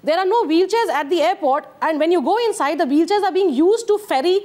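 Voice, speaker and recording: A woman's voice: very high voice, expressive, a little fast, warm tone. A woman with an Indian English accent speaking as a guest on a television debate, earnest and frustrated.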